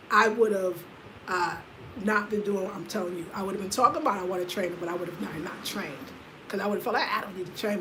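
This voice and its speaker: Lively, slangy woman in her fifties. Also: a little hiss or hum, poor audio. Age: 50s. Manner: energetic, slangy and excitable, swinging from loud laughter to low murmurs. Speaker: vlogger. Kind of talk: casual chat to camera.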